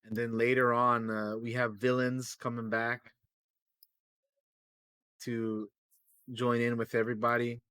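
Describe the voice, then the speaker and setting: A man's voice: mid-range voice, fairly bright tone, dry recording. A man co-hosting a podcast, casually recapping comics with lots of fillers and swearing, acting out quoted lines. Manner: rambling, profane, many fillers, acts out quotes. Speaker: podcast co-host.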